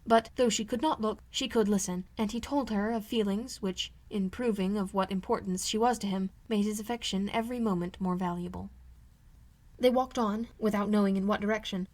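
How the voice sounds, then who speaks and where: A woman reads a classic novel aloud as an amateur audiobook narrator. Her delivery is measured and steady. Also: mid-range voice. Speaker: audiobook reader.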